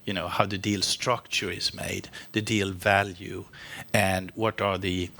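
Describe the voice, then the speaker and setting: A man's voice: sits low, little pitch movement, a little slow, gravelly, sharp tone. A man speaking as a company executive on a panel, answering frankly with many restarts and fillers.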